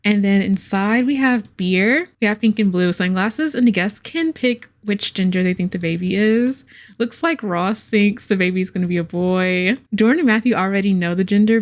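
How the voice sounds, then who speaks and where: A young woman hosting a casual gameplay commentary. She is chatty, calls her viewers y'all, laughs often, and breaks into excited squeals and playful exasperation. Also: mid-range voice. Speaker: gameplay host.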